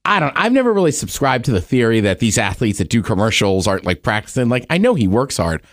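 A man co-hosting a podcast, chatting loosely about sports, rambling with plenty of "like" and quick laughs. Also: mid-range voice, big pitch swings, no room sound, clean studio sound. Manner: rambling, lots of "like", laughs often. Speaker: podcast co-host. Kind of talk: casual sports chat.

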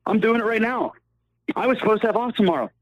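A man calling in to a podcast, telling stories in an animated, ranting comic way. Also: high-pitched, fast talker, no echo, dull audio. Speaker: guest caller. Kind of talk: casual podcast chat.

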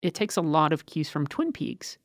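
A woman's voice: low-pitched, normal speed, no echo, clean studio sound. A woman guest on a casual podcast, telling stories with gusto and swearing freely. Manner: animated,喜 swearing freely, storytelling; animated storyteller who swears freely. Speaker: podcast guest, games writer.

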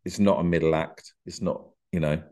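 A man's voice: low-pitched, steady tone, normal speed, dark tone. A man guesting on a podcast, talking shyly with dry, self-deprecating humour. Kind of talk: casual podcast interview.

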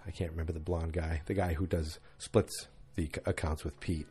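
A man's voice: very deep voice, steady tone, normal speed, warm tone, husky. A tired man yawning through a chatty, rambling late-night recap of a TV episode, full of fillers.

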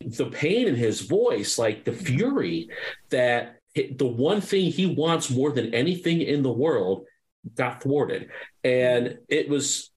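A man on a podcast panel, talking in an earnest, casual way and sometimes losing his train of thought. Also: lowish voice. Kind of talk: casual chat.

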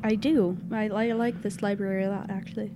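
A woman's voice: mid-range voice, fairly even intonation, fairly quick, dark tone, a little hiss or hum. Easygoing woman playing a tabletop game. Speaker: player. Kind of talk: casual tabletop role-play.

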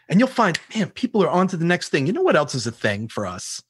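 Animated man telling sales stories. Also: fairly high pitch, quick pace, hardly any pauses, breathy edge, no room sound. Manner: animated, laughs often, mimics callers. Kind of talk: energetic sales talk with acted-out call examples.

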